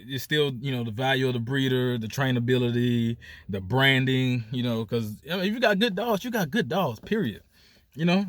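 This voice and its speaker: A man's voice: mid-range voice, a bit bright, no echo, studio quality. Emphatic casual Southern man vlogging. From United States. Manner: loose, repetitive, emphatic with "period" and "you know". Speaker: dog breeder and vlogger. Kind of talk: casual talking-to-camera vlog.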